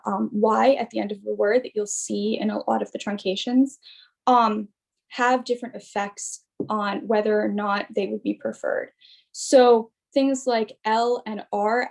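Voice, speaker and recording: Young woman presenting research over a video call, a bit high, lots of "um"s. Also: gravelly, darkish tone. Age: young adult. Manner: explanatory, with frequent fillers and restarts. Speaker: student presenter. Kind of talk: academic presentation.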